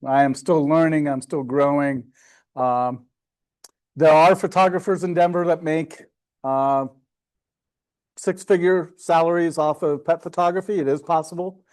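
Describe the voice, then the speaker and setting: A man's voice: on the high side, steady tone, a little slow, a little mellow. A middle-aged man presenting to a photography club in a casual, sarcastic and self-deprecating way.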